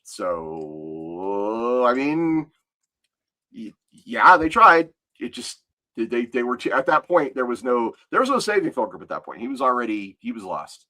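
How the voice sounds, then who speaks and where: A man's voice: mid-range voice, very animated, a little slow, pushed and bright. A man co-hosting a podcast, explaining lore at length and thinking aloud in casual talk. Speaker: podcast co-host.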